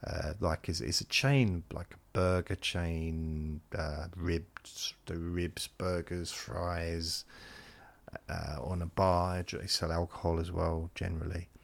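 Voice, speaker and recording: A man's voice: low voice, little pitch movement, slow, creaky. A man telling a rambling, self-deprecating comic story as a podcast host.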